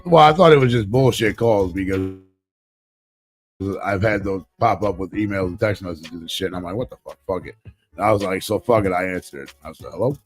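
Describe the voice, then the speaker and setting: A man co-hosting a live talk show, telling a rambling, profane, animated story about winning a raffle. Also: sits low, a little fast, faint music behind. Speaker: podcast co-host. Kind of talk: casual storytelling chat.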